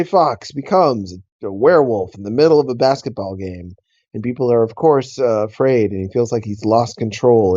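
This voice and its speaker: A man of middling pitch makes dry, deadpan asides during comedy podcast banter. His delivery stays even and understated. The sound is dull and lo-fi. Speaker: podcast co-host.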